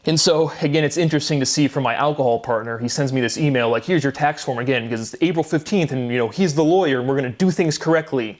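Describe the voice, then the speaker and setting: A man's voice: mid-range voice, fast, hardly any pauses. Rambling, agitated man talking to camera. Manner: swears often. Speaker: vlogger. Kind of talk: solo monologue to camera.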